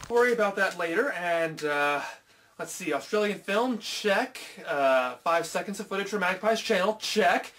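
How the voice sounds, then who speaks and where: A man's voice: sits high, animated, normal speed, pushed and bright. An American man hosting a comedic film review, joking in a sarcastic, self-mocking way. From United States.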